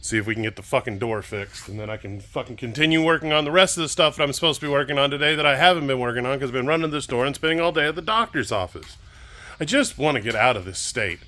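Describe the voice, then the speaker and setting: A man's voice: medium pitch, expressive, fast, bright, forceful tone. A man venting on his vlog, frustrated and swearing as he rants about his day. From Kansas, United States. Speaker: vlogger.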